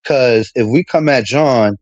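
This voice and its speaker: A man's voice: mid-range voice, takes it slowly, no echo, dull audio. A man streaming a casual, heated monologue, full of street slang and repetition as he vents about a friend.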